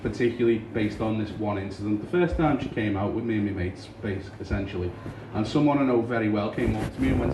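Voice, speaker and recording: A young man from Liverpool with a Scouse accent, doing a dry, deadpan stand-up set in a small comedy club. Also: fairly low pitch, fast talker. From Liverpool, England. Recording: roomy far-off club recording with crowd noise.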